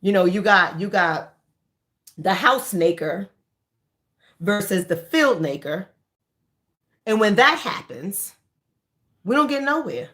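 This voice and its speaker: An animated woman tells a story straight to her audience, candid and emphatic. She repeats her lines for effect, and her voice swings widely between high and low. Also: slow, pauses often. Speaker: vlogger. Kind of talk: casual storytelling monologue.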